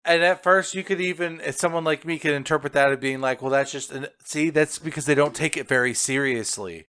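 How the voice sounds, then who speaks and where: Man, podcast co-host, bright tense voice, halting agreeable chat. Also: a little high, clean tone. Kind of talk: casual film review chat.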